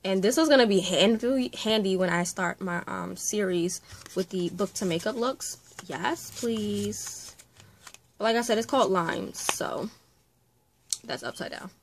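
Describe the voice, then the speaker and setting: A woman's voice: mid-range voice, measured pace, slight background noise. Gushing woman vlogger with whispered gasps. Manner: gushing, breaks into breathy whispered exclamations. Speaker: vlogger and makeup artist. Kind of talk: casual unboxing vlog.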